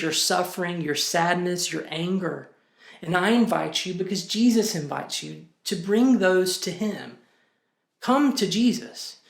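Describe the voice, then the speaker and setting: A man, a pastor, giving a short sermon message in a slow, measured and earnest way with gentle pauses. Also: high-pitched, vocal fry, reverberant.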